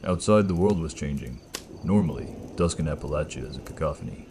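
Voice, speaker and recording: A man with a slight gravel in his throat, telling a first-person horror story in a slow, measured, ominous way. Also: a bass voice, lively intonation, a little mellow, slight background noise.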